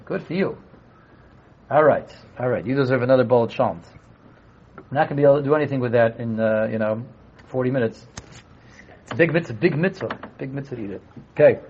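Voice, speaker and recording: A man teaching a Torah class to a live group, animated, asking rhetorical questions and acting out voices. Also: on the high side, slightly rough. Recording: dull lo-fi room recording.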